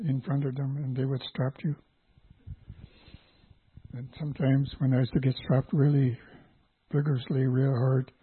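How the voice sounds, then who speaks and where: An older man from Canada giving a personal testimony as a church guest, speaking haltingly with pauses and restarts. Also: mid-range voice, slightly rough, dry recording. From Canada, Vancouver Island. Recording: tinny phone-like dry recording.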